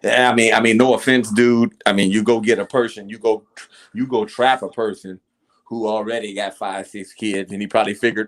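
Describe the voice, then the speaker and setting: A man with a low voice speaks in a blunt, emphatic way. He rambles and swears freely as he hosts a casual discussion. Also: fairly even intonation, brisk. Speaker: host.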